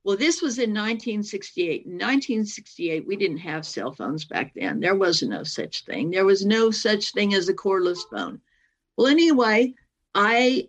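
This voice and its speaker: A woman in her sixties telling a personal story as a guest, rambling and often circling back to her point. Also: mid-range voice. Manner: rambling, keeps circling back with "well, anyway".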